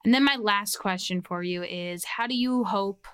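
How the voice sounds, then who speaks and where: A woman's voice: mid-range voice, a bit bright, clear, resonant tone. Woman co-host asking questions. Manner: asks measured questions. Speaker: podcast co-host. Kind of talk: conversational interview.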